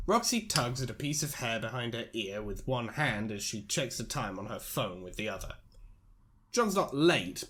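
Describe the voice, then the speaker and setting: A young man hosting a casual podcast, chatting and reading narration aloud. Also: fairly low pitch. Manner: relaxed, swears casually.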